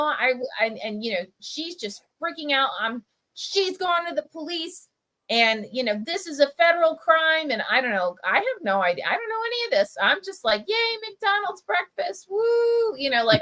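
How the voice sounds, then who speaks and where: Chatting casually on a livestream via video call, a middle-aged press editor from Camden, New Jersey, recounts a childhood story, sprinkling in "like" and "right?". Her voice is high-pitched, sing-song, and sharp at a moderate pace, in a rough recording.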